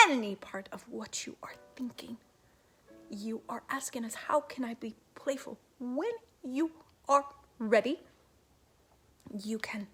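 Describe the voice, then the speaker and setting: Slow, hushed woman channeling a message. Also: on the high side. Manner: slow hushed repetitive delivery, often whispered; speaks as a collective "we". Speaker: medium.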